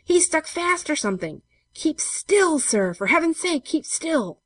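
A woman's voice: very animated, unhurried, dry recording. A woman doing a panicked farmhand. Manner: high, loud, panting cries. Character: panicked male farmhand, hauling hard.

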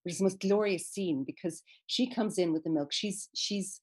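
A woman speaking as an interview guest about literature, thoughtful and enthusiastic, often pausing to search for words. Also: medium pitch, darkish tone, slightly rough. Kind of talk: conversational interview.

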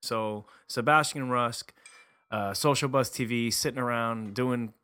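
A man hosting his own podcast as a title attorney, venting and telling stories in a casual, animated monologue. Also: medium pitch, measured pace, clear, resonant tone. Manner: animated storyteller, acts out voices.

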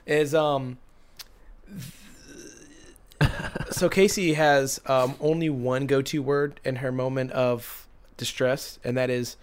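A man's voice: medium pitch, fairly even intonation, takes it slowly, long pauses, a little hiss or hum. A young man co-hosting a podcast, chatting casually and rambling through stories while laughing often. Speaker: podcast co-host. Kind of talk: casual chat.

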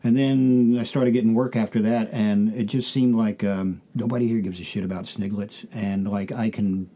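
Male comedian guest from the United States, dry anecdotal delivery, low warm tone. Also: fairly even intonation, moderate pace. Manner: dry storytelling, acts out quoted voices. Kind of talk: casual interview chat.

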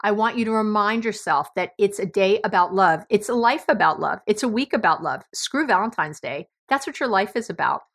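A woman's voice: mid-range voice, lively intonation, brisk, hardly any pauses, a bit bright. A middle-aged woman from New York with a New York accent, hosting a podcast in a blunt, emphatic monologue and swearing freely. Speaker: podcast host.

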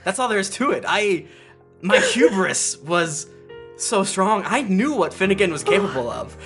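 A man's voice: high voice, very animated, moderate pace, fairly bright tone, faint music behind, pitched above the performer's own voice, full character voice. A man playing the ghost of a brash young king in a tabletop game, talking earnestly through bursts of laughter. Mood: heartfelt. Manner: laughing, breaking into giggles mid-line. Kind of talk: tabletop game role-play.

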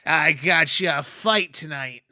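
A man's voice: on the high side, unhurried, sharp tone, no echo, studio quality, voice pushed up. A man voicing a pudgy, dwarfish male fight boss who talks down to his fighter. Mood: jovial. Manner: bossy, threatening, condescending.

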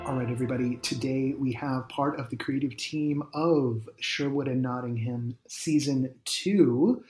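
A man hosting a podcast, talking casually and plugging his show in quick, energetic bursts. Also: medium pitch, music in the background. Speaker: podcast host. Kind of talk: casual podcast talk and sponsor plugs.

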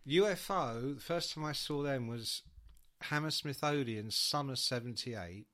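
A man, a rock journalist, chatting casually and telling animated anecdotes. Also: mid-range voice, measured pace. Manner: animated storyteller, acts out quotes.

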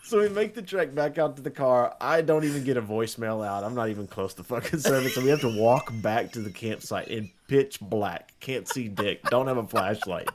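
A man's voice: medium pitch, fairly quick, hardly any pauses, noisy background. A man co-hosting a podcast, telling a story in casual, profane chat and laughing through it. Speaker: podcast co-host.

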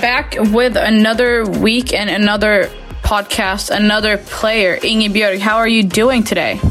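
A woman's voice: mid-range voice, steady tone, measured pace, a bit bright, faint music behind. A woman hosting a sports podcast, upbeat and friendly, reading a guest's career introduction. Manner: upbeat and friendly, reads player bio. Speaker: podcast host. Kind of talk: podcast interview, partly read intro.

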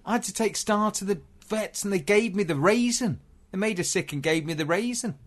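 A young man bantering on a casual film podcast, animated and jokey. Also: sits high, fairly quick. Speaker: podcast co-host.

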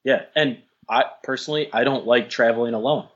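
Husky-voiced male podcast guest. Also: medium pitch, fairly quick, dull audio. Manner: earnest, repeats words while thinking. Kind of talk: casual podcast chat.

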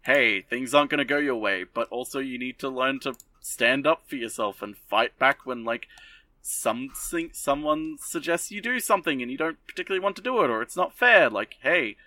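A man's voice: mid-range voice, normal speed, no echo, far from the mic. A man doing a smug offhand witch mentor. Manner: flippant, deadpan paraphrase.

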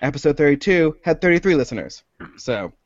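A man's voice: a little high, big pitch swings, a little fast, no echo, highs cut off. A man co-hosting a casual podcast, rambling and joking at his own expense. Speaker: podcast co-host.

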